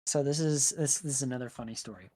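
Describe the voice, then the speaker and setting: A man talks as a guest on a casual podcast. He tells his stories in an animated way, and his sentences are full of "like" and "right?". His pitch sits in the middle range for a man. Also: fast talker. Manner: chatty, leans on "like" and "right?".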